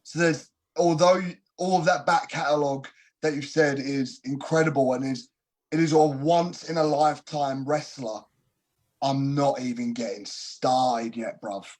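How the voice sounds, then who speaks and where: A man's voice: medium pitch, steady tone, measured pace, darkish tone. A man answering interview questions casually, cocky and joking, with slangy talk. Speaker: wrestler, interview guest. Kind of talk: casual press call answers.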